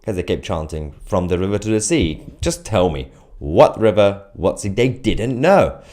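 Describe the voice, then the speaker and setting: A man's voice: fairly low pitch, expressive, normal speed, darkish tone. A man hosting a live stream, chatting casually and reading out viewer comments, with many fillers and restarts.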